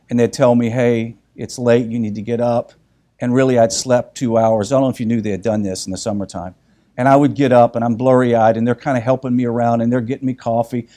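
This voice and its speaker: A middle-aged man telling a personal story to an audience in an animated, anecdotal way, often checking in with "right?". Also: mid-range voice. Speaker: speaker giving a talk.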